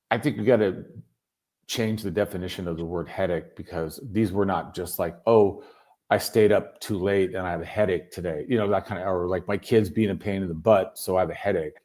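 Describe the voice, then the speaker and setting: A man telling his story as a guest in a casual chat, animated and swearing freely. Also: low-pitched, normal speed. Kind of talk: casual video call chat. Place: home in Berlin.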